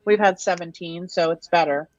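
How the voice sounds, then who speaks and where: A woman's voice: lowish voice, moderate pace, darkish tone, no room sound. A woman who is a guest on an online panel, chatting in a hesitant, filler-heavy way over dull lo-fi video call audio. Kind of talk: casual chat.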